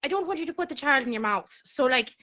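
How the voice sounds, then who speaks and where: Animated woman, fairly high, lo-fi sound. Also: fast talker, crowd noise. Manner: animated, jumps between high and low, laughs often. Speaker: podcast guest. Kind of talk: casual chat.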